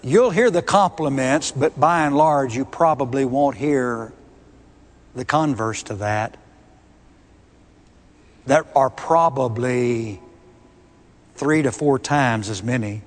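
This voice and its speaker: A man preaching a sermon, emphatic and deliberate, hammering home key words by repeating them. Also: mid-range voice. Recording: long reverb of a large hall.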